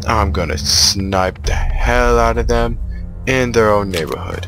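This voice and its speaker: A man commentating on his own shooter gameplay, excitable and trash-talking the enemies. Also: deep voice, normal speed, soft background music. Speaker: gamer playing a shooter. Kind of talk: let's play commentary.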